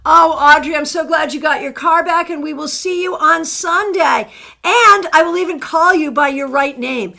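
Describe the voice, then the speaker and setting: Warm and chatty, this middle-aged tarot streamer greets her viewers by name and lays out their readings. She speaks at a normal pace in a high, creaky voice.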